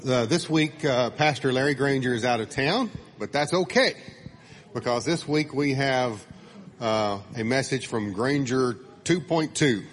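A man's voice: mid-range voice, animated, unhurried. A man at church introducing the guest speaker and leading an opening prayer. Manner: upbeat introduction, then earnest prayer. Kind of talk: announcement and prayer.

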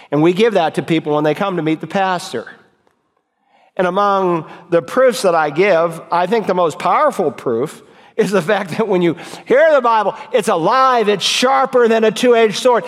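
A pastor giving an emphatic sermon, his voice swinging between loud high calls and low quiet lines. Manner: emphatic preaching with sharp swings in pitch and loudness. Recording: long hall reverb.

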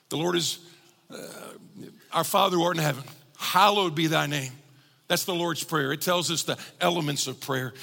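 A male pastor delivers a sermon in a slightly higher-pitched voice with a gravelly texture. He sounds earnest and grows more emphatic as he presses his points. A long reverb from a large hall trails after his words. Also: pushed and bright. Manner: earnest, building to emphatic preaching.

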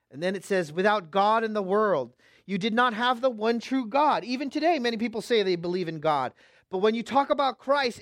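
A middle-aged pastor from the West Coast preaching a sermon, dropping to quiet asides and rising to loud, slow proclamations while checking in with "amen?" and "okay?". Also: male voice, high voice, dry recording, studio quality. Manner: swings from hushed asides to loud, drawn-out proclamation; asks the crowd for response with "amen?" and "okay?".

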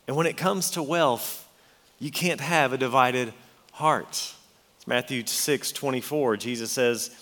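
A man's voice: mid-range voice, fairly bright tone. A man preaching a sermon, earnest and emphatic, reading scripture aloud and explaining it. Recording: long hall reverb.

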